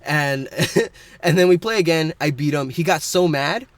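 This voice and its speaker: A man's voice: fairly high pitch, measured pace, no room sound. A young man co-hosting a casual podcast, rambling through a story and laughing often. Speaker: podcast co-host.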